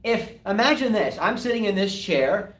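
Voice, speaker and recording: A man's voice: high voice, normal speed, distant mic. A man co-hosting a live tennis talk show, arguing his points with rhetorical questions. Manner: animated, argumentative, rhetorical questions. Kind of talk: casual live-stream discussion. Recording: echoey room, voice away from mic.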